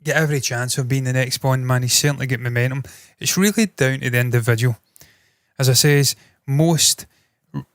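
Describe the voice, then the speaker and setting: A man's voice: medium pitch, fairly bright tone, no room sound, clean studio sound. A man hosting entertainment news, giving blunt, opinionated commentary with frequent swearing.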